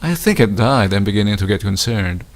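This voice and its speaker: A man from the Philippines giving a casual walking tour of his winter garden outdoors, unhurried and hesitant, with many fillers and restarts. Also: on the low side, animated.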